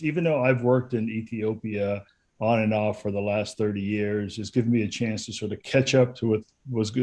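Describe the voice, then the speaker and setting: A man in his fifties, a guest policy consultant speaking on a webinar, measured and full of hesitant fillers. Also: fairly low pitch, a little mellow. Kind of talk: webinar talk.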